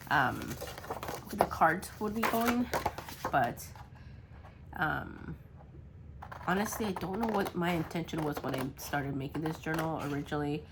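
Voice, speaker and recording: Heavy background noise surrounds this woman's deep voice. Sick and congested, her voice sounds worn as she rambles casually over her journal crafting, muttering and filling the gaps with ums.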